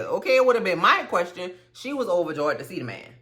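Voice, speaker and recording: A young woman recapping a TV episode in casual, profane, animated chat. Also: fairly low pitch, quick pace. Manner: animated, profane, sassy storytelling. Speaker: commentary host.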